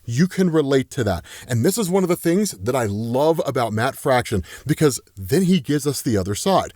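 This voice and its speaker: A man's voice: medium pitch, darkish tone, no room sound, clean studio sound. A man casually recapping a comic story, chatty and often tagging lines with "right?". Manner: chatty, keeps asking "right?", laughs often. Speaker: comics explainer host.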